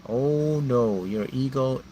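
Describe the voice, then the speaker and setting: A man's voice: medium pitch, takes it slowly, warm tone, a little hiss or hum. A man as a manifesting mentor, speaking emphatically and repetitively to his viewers in a live motivational talk. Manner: reads out viewers' names.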